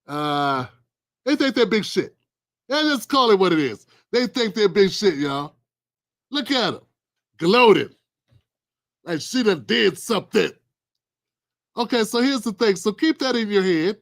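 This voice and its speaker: Man, high voice, sarcastic, colloquial livestream host. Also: expressive, measured pace, long pauses. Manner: sarcastic, colloquial, talks to viewers. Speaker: political commentary host. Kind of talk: casual livestream commentary.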